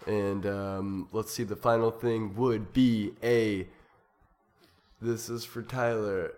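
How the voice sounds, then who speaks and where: Low-voiced man, casual chat, lots of ums and restarts, laughs easily. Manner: rambling, hesitant, full of ums, bursts of laughter. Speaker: improv performer.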